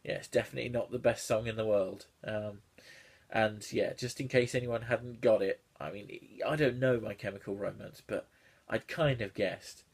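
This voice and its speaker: Sardonic man, husky voice. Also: lowish voice, fairly even intonation, moderate pace. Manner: sardonic, swearing, laughing asides. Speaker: YouTuber reviewing fan fiction. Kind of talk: comedic read-through commentary.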